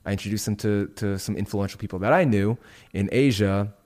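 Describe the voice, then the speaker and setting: Low-voiced man musing in conversation. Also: a little fast, a little mellow. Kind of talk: casual chat.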